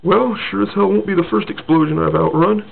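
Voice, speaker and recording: A man voicing a tough, gruff armored male super-soldier who tosses off sarcastic quips. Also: sits high, fairly quick, a little hiss or hum, voice pushed up. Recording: tinny lo-fi phone-like sound.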